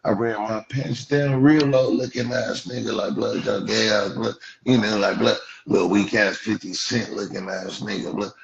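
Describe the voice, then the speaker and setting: A man's voice: on the low side, steady tone, normal speed, vocal fry, few pauses, a crowd in the background. A man hosting a livestream with a Los Angeles Black English accent, mocking callers in a profane roast, saying "blood" over and over. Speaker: livestream host. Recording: dull lo-fi stream audio.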